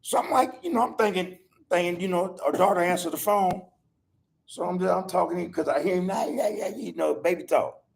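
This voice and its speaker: A man's voice: sits high, brisk, gravelly, breathy edge. An older man hosting a podcast, telling stories in a casual, profane way and laughing often. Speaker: podcast host. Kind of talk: casual storytelling chat.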